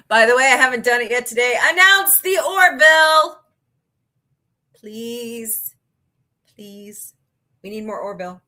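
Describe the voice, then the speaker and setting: Woman streamer chatting w her viewers, bright voice, jumps up and down a lot, sarcastic jokes. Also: medium pitch. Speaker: livestream host. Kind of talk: casual livestream chat reading viewer comments.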